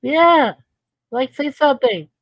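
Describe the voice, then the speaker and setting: A woman's voice: high voice, lively intonation, slow, no echo, low-quality recording. A woman making friendly, giggly small talk as a guest on a live stream. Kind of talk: casual live-stream chat.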